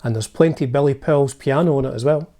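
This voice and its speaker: A man's voice: mid-range voice, fast talker. A man with a Scottish accent, hosting his music channel and narrating a band's history in a chatty, enthusiastic way with asides.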